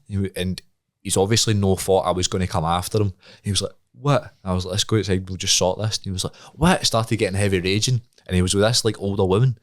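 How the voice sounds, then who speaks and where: Scottish man, young, low voice, casual podcast storytelling, acts out voices. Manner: animated, laughing, acts out voices in his stories. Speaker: podcast co-host.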